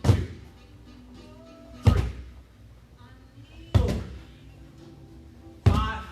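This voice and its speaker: A man teaching a livestreamed kickboxing class, counting reps and joking with the students. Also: sits high. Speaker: kickboxing instructor. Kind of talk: livestreamed workout class instruction. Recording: echoey room with music behind.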